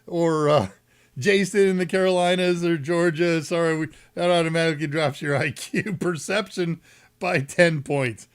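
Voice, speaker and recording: Man, Texan accent, fairly high pitch, rambling jokey live-stream chat, desk mic. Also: fairly even intonation, normal speed, clear, resonant tone. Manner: rambling and jokey, with asides and self-corrections. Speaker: host of a live tech Q&A stream.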